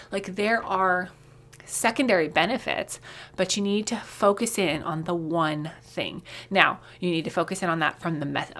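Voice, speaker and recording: A woman hosting a solo marketing podcast, talking casually with lots of "like"s and quick laughs. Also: on the low side, a bit bright. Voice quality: chatty, many "like"s, laughs often. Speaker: podcast host, marketing coach.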